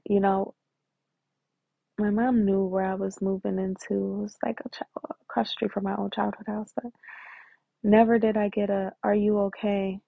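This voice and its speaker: A woman's voice: mid-range voice, vocal fry, dry recording, narrow, tinny audio. A woman in her twenties candidly telling her personal story in casual, emotional talk full of slang and fillers.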